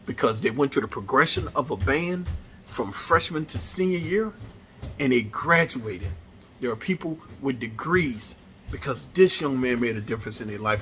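A man's voice: on the low side, fairly bright tone, slight background noise. A man, casually telling a heartfelt story to his viewers, earnest and repeating himself as he goes. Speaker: vlogger.

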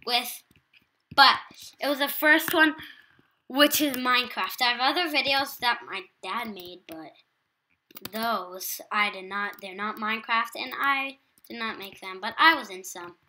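A teenage girl with an English accent speaks a little slowly in a fairly high, sharp-toned voice, with slight background noise present. As a gaming YouTuber, she offers casual commentary while playing a video game, talkative and self-deprecating.

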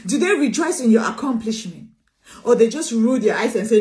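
Woman preacher, high and insistent; emphatic sermon delivery with repeated lines. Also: expressive, a little fast, a little mellow. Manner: emphatic, repeats phrases, calls listeners sweetheart.

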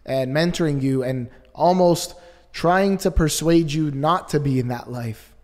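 Male host, higher voice, thoughtful interviewer, recorded with a long room reverb. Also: unhurried, a little mellow. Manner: reflective, musing questions. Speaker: podcast host. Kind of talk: conversational interview.

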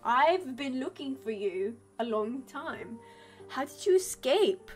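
A woman's voice: fairly high pitch, moderate pace, faint music behind, lightly acted. A woman voicing a stern, worried middle-aged doctor in a put-on British accent while playing a game. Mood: grave. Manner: attempted British accent, grave.

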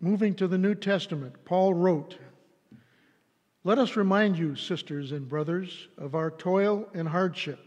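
A man reading scripture aloud in a church service, measured and deliberate. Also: sits high, a little mellow, dull audio. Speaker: scripture reader. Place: church sanctuary. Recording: long church reverb.

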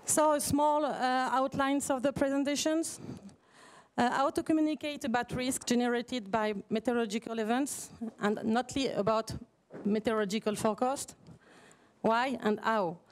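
A woman's voice: a little high, steady tone, moderate pace. A woman with a French accent, a native French speaker, giving a conference presentation in a hesitant way, with many fillers and restarts.

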